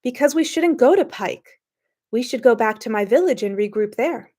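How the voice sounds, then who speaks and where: A woman's voice: fairly high pitch, moderate pace, darkish tone. A woman reading as a stubborn little Fey woman. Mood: exasperated. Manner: exasperated, defiant. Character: small slender Fey woman, stubborn and exasperated.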